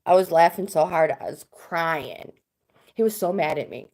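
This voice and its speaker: A woman's voice: on the low side, normal speed, a little mellow. Middle-aged woman, chatty livestream host reading cards, casual. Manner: chatty, reads viewer comments aloud. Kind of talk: casual live chat.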